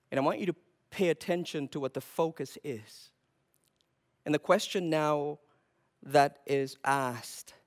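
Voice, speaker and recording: Male pastor, Canadian, fervent sermon delivery with stammered repeats; high, gravelly voice. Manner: impassioned, repeats words when worked up.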